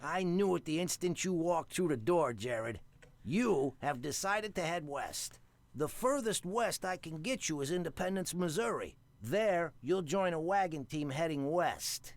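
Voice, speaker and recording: A man voicing a formal, knowing ticket agent in a video game who speaks in measured tones. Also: fairly high pitch, expressive, no echo.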